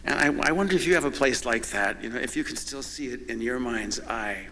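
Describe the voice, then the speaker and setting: A man's voice: medium pitch, fairly quick, bright, forceful tone. An older man from the Yakima Valley giving a thoughtful, musing eulogy for his mother in a church. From Yakima Valley, Washington. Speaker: son of the deceased, eulogist. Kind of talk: reflective eulogy. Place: church sanctuary. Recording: church reverb with faint ambient noise.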